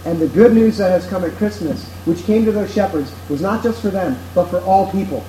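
A man's voice: high voice, brisk, warm tone, a little hiss or hum, poor audio. A man preaching a sermon to his congregation in an earnest, emphatic way, driving his points home through repetition. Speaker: pastor.

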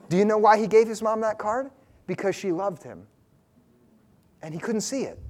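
High-voiced earnest male pastor. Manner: earnest, direct, questioning the congregation. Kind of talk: sermon.

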